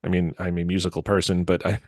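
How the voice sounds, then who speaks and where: Male podcast co-host, 30s, low voice, dry close sound, jokey. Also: flat delivery, fast talker, darkish tone, no room sound. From United States. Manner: joking and easygoing. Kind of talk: casual chat.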